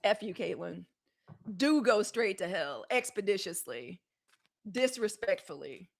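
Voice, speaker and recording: A woman with a medium-pitched, creaky voice speaks a little slowly but with lots of animation. As host of a daily live news show, she gives casual, blunt commentary, chatting with viewers she calls "y'all" and "girl" and breaking into outspoken, profane rants.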